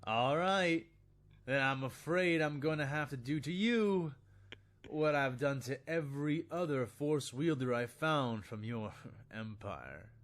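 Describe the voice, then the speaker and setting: A man's voice: mid-range voice, lively intonation, slow pace, a bit bright. A man voicing a cocky male Jedi swordsman with a lazy, taunting drawl and an attempted Cajun accent. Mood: mocking.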